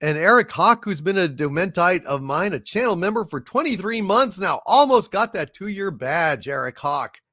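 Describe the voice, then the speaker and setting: A man's voice: high voice, big pitch swings, moderate pace, hardly any pauses, sharp tone, dry recording, studio quality. A man hosting a live stream, thanking viewers and reading out their donation messages in a grandiose, rambling way with many repeated words. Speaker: channel host.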